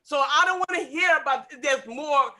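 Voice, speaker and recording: A man's voice: extremely high pitch, normal speed, bright, forceful tone. A man speaking at an online meeting, emotionally upset, insistent and repeating his points. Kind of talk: impassioned remarks at an online meeting.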